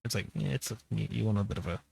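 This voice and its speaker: A man's voice: lowish voice, rapid-fire, creaky, mellow, husky. A tired man streaming while he edits a video, rambling casually and searching for words. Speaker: streamer editing his video. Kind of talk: casual live commentary.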